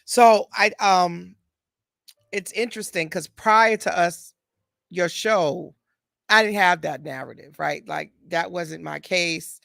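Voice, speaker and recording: A woman in her forties hosts a podcast in a relaxed, chatty manner. Her voice is bright with a slight crackle, and the room sounds dry. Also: on the low side, slow, vocal fry, no room sound. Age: 40s. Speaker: podcast host. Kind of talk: casual conversational interview.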